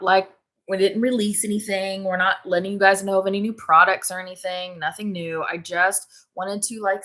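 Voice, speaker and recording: A woman's voice: fairly low pitch, sharp tone. A woman hosting a casual livestream, tired and yawning, chatting loosely, laughing often and greeting viewers. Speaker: livestream host. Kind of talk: casual live chat.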